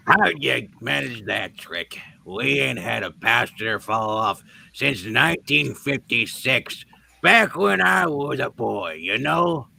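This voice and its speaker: A man's voice: mid-range voice, very animated, takes it slowly, creaky, sharp tone, exaggerated voice. A man voicing a folksy old sailor who teases and drawls. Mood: teasing.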